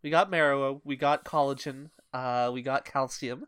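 A woman's voice: rumbling low, fairly even intonation, normal speed, clean tone. A woman co-hosting a casual book podcast, swearing freely and laughing as she riffs on jokes. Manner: profane, laughing, riffing. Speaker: podcast co-host. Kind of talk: casual book-club chat.

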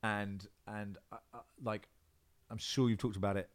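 A fairly low-pitched man speaking at a moderate pace, this Australia-based football presenter chats from home in a casual interview. The talk is animated and rambling, packed with restarts and fillers.

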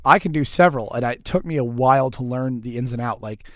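Profane deadpan man, dry close mic. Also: mid-range voice, quick pace, dry recording. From near New Orleans. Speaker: podcast co-host. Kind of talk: casual chat.

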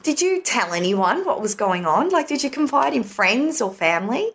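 A woman's voice: on the high side, sing-song, moderate pace, fairly bright tone, husky. A woman hosting a podcast, asking empathetic, probing questions. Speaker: podcast host. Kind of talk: interview questions.

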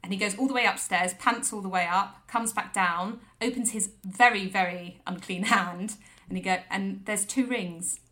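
A woman's voice: medium pitch, moderate pace, bright, forceful tone. A woman co-hosting a comedy podcast, telling a rambling anecdote with lots of voiced quotes. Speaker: podcast co-host. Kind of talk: comic storytelling chat.

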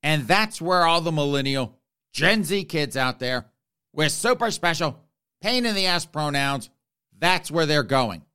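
A man's voice: on the high side, lively intonation, unhurried, bright, forceful tone, clear, resonant tone. A man voicing God as an exasperated, blunt old deity, grumbling about everyone's messes. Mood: scolding. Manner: grumbling, fed-up complaints.

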